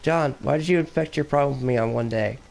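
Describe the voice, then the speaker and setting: A young man chats on a casual podcast, rambling from one story to the next with animated bursts. His voice carries a gravelly edge. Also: medium pitch, fast talker. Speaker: podcast host. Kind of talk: casual chat.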